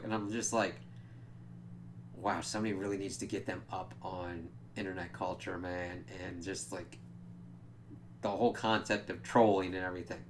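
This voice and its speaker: A man talks through a TV episode in a casual, meandering review, his voice sitting low. He strings thoughts together with fillers and loose asides. A faint hum runs quietly underneath. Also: steady tone, moderate pace. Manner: rambling, loose, many "kind of" and "like" asides.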